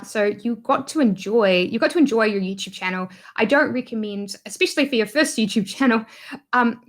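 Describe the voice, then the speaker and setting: A woman with a New Zealand accent, a guest YouTuber chatting casually in an interview, laughing often and using lots of fillers. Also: fairly high pitch.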